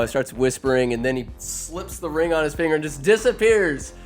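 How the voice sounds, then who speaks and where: A male podcast host retells a film in a crude, rambling, irreverent comedy style. His voice sits a little high for a man, and faint music plays underneath. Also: normal speed. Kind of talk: comedic movie recap.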